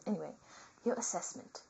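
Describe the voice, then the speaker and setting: A woman reads a nursing workbook aloud for laughs, in a slow, unhurried delivery. Her pitch leaps around animatedly. She keeps dropping into whispered asides, then bursting out loudly. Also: vocal fry, a little hiss or hum, rough recording. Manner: theatrical, swings between whispered asides and loud outbursts.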